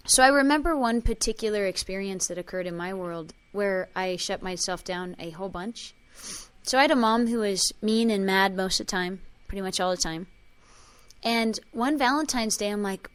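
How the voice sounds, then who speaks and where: A woman leading a spiritual workshop, telling emotional personal stories with quoted dialogue and chanting a repeated clearing phrase. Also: medium pitch, normal speed. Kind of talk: talk to a group.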